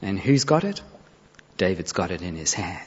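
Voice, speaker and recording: A man preaching a sermon, retelling a Bible story with expressive storytelling and acted-out quotes. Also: deep voice, moderate pace, breathy edge. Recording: reverberant hall, dull lo-fi sound.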